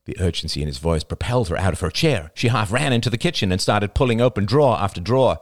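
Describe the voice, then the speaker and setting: Deep-voiced man narrating expressively. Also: fast talker, few pauses, no echo, clean studio sound. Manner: expressive, dramatic reading. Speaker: audiobook narrator. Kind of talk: scripted narration.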